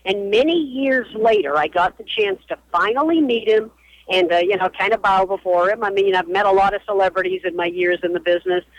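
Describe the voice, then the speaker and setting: Animated older woman on a tinny phone line. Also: mid-range voice, no room sound. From Boston area, US. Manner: animated, emphatic storyteller. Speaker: radio historian and author, guest. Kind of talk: phone interview on a radio show.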